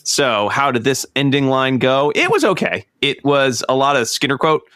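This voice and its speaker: A man hosting a podcast, wrapping up a book club episode in a relaxed, chatty way and laughing easily. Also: mid-range voice, moderate pace, clear, resonant tone, dry recording. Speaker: podcast host. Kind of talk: casual podcast chat.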